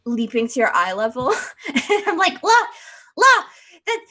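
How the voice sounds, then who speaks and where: Woman player, high bright voice, bouncy and giggly, jumps around a lot in pitch. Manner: lively and giggly, talking fast in character. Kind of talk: tabletop role-play chat.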